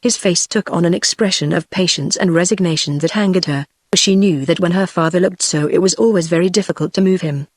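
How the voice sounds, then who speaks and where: A text-to-speech woman's voice with a British accent, reading a historical novel in an even, steady delivery. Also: lowish voice, brisk, hardly any pauses, dry recording. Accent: British English. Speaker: audiobook narrator. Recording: dry synthetic voice.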